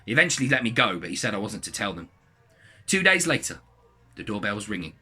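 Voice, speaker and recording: A man reading a submitted story aloud in a lively, animated way. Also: on the low side, fast, slightly rough.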